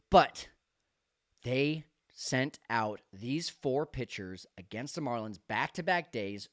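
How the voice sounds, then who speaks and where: Animated man breaking down a baseball game. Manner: animated, emotional, swings from low mutters to loud shouts. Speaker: baseball commentator. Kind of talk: excited sports breakdown.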